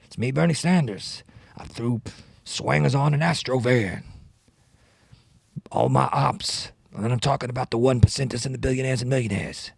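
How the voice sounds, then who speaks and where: An old politician boasts through a slow, drawling comic freestyle rap, as a man puts him on. The voice is gravelly and sits a touch higher than the performer's own. The sound is dry and close. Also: no echo. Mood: boastful. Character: impression of an old male politician freestyle rapping.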